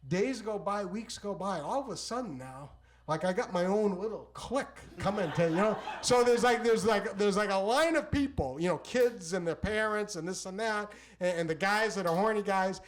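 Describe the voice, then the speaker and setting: A man telling a funny personal story live on a small theater stage, rambling and animated, repeating words and restarting his sentences. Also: high-pitched, normal speed. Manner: animated, exclamatory delivery.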